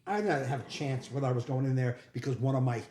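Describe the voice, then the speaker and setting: A man's voice: mid-range voice, quick pace. A man co-hosting a comedy podcast, telling a crude story bluntly in casual chat. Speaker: podcast co-host. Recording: echoey room with faint noise.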